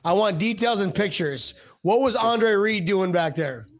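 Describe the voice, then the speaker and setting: A man's voice: high-pitched, animated, measured pace. Profane, prodding male host. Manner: blunt, profane, eagerly prodding for details. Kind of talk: casual podcast chat.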